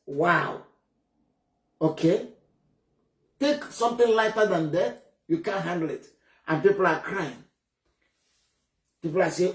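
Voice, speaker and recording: Nigerian man, high-voiced, sharp and indignant commentator, echoey room. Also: measured pace, long pauses. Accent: Nigerian English. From Nigeria (Enugu State). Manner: indignant, emphatic, blunt. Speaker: political commentator. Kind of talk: heated political commentary. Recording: roomy echo.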